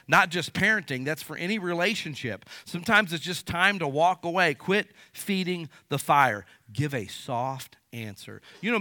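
A middle-aged male pastor preaching a sermon in an animated way, with rhetorical questions and acted-out asides. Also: medium pitch, dry recording.

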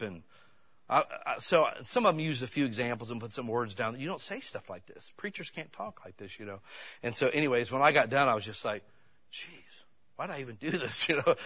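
Bright-voiced folksy preacher man. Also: medium pitch. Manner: folksy, conversational, builds to shouting peaks. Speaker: pastor. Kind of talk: sermon with personal story.

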